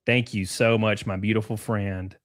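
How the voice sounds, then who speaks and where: A man's voice: fairly low pitch, level tone, moderate pace, dry recording. A man in his thirties hosting a livestream in casual chat, reading out viewer messages. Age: 30s. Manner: casual, swears, reads super chats aloud. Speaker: livestream host.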